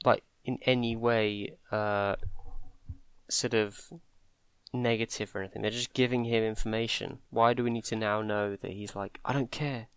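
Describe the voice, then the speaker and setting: A man co-hosting a podcast, speaking in a measured way with dry remarks and reading passages aloud. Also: lowish voice, flat delivery, clean tone, dry recording. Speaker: podcast co-host. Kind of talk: casual book discussion.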